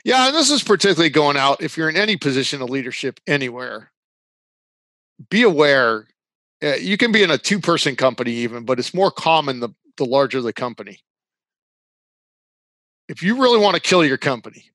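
A man's voice: fairly high pitch, very animated, moderate pace, sharp tone, dry recording. A man guesting on a podcast as a business consultant, explaining his views earnestly in casual interview talk, with a dry sarcastic streak. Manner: earnest, sarcastic at times, laughs while explaining.

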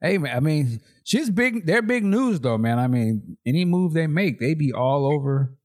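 A man's voice: fairly high pitch, big pitch swings, moderate pace, a little mellow. A man co-hosting a podcast, talking in a laid-back, slangy way and laughing often. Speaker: podcast co-host. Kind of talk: casual chat.

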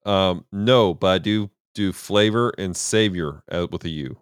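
A man's voice: low voice, unhurried, clean tone, no echo, clean studio sound. A man hosting a casual movie review podcast, genially steering the talk. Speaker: podcast host.

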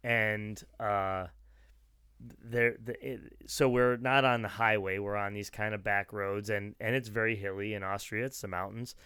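A man's voice: fairly low pitch, fairly even intonation, moderate pace, bright, forceful tone, smooth, no room sound, clean studio sound. Rambling middle-aged man telling a story. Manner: rambling anecdotal storytelling with frequent restarts and laughs. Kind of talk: casual chat.

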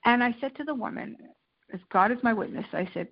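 A woman being interviewed as a guest, telling personal stories in a candid, animated way and acting out the quotes. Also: fairly high pitch, brisk, gravelly, dull audio. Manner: animated, tells anecdotes with acted-out quotes. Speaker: interview guest, lifestyle and food editor. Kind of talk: candid conversational storytelling.

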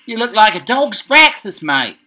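A man putting on an exaggerated, hearty Australian bloke voice for slang phrases, loud and high with a drawn-out twang. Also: big pitch swings, soft background music, full character voice.

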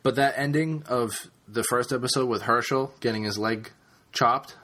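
A man's voice: medium pitch, normal speed, pushed and bright. Chatty man rambling with lots of ums. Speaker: podcast co-host. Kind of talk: casual chat.

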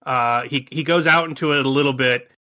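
A man's voice: mid-range voice, steady tone, a little fast, sharp tone. A man narrating a tabletop horror game as game master, with rambling, hesitant descriptions.

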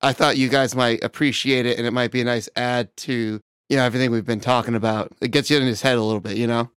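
A man's voice: medium pitch, fairly even intonation, fast, fairly bright tone, clean tone, dry recording, studio quality. A man hosting a comedy podcast, telling a story with exasperated banter.

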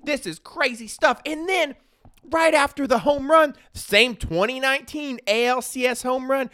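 A man's voice: very high-pitched, a little slow, no echo, studio quality. A man giving a casual, opinionated sports-talk rant, full of slang and "right?" tags. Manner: animated, slangy, peppered with "right?" and "dude"; opinionated, ranting. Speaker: sports commentator.

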